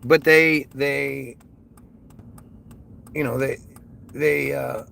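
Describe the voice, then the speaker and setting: A man's voice: mid-range voice, fairly even intonation, extremely slow, vocal fry, bright, forceful tone, rough recording. A man ranting in an unscripted monologue, sarcastic and profane, stumbling over restarts and repeated words. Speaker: vlogger.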